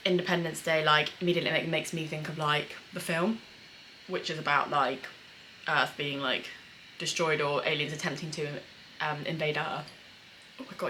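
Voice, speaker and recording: Low-voiced chatty woman reacting to a show. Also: bright, forceful tone, a little hiss or hum, rough recording. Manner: chatty, many fillers, emotional and swearing. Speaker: screenwriter reacting to a series. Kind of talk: casual reaction commentary.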